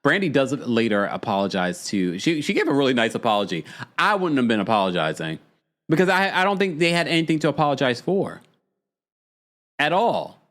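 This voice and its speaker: A man with a mid-range voice talks briskly as he hosts a podcast recap of a reality show. He's animated and chatty, laughing a lot and making dramatic asides.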